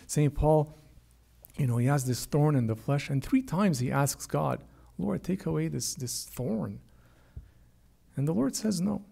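A man's voice: a little high, creaky, warm tone. A man preaching a sermon with earnest emphasis, often repeating his words and lifting his voice for quoted prayers. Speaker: priest.

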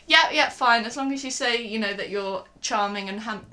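A woman's voice: a little high, normal speed, very noisy. A young woman co-hosting a podcast in casual chat, often breaking into giggles. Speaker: podcast co-host.

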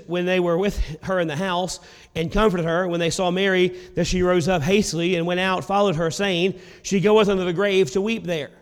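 A man's voice: high-pitched, clean tone. A male preacher reading old-style scripture aloud and explaining it in casual asides. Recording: long hall reverb.

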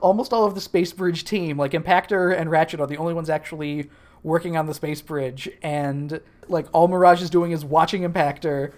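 A woman with a slightly low voice co-hosts a casual podcast. She recaps the plot dryly, with plenty of swearing. Her delivery is relaxed and conversational. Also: moderate pace. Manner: dry, profane storytelling. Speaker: podcast co-host.

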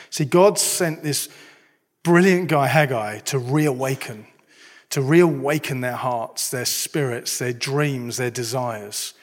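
A middle-aged man preaching a sermon, conversational and self-deprecating, asking the listeners many questions. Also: mid-range voice. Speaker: pastor. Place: church hall. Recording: long hall reverb.

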